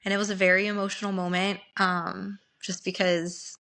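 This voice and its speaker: A young woman with a bright, ringing voice chats through a story on a podcast. She talks in an animated way and laughs often. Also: medium pitch, moderate pace.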